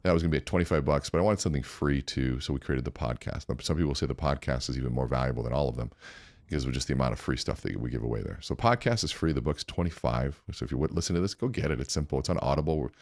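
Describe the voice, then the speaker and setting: A man's voice: extremely low pitch, very fast, vocal fry, no echo. A man telling stories as a podcast guest, with energy and acting out the dialogue. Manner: energetic, acts out dialogue in his anecdotes. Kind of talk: animated storytelling.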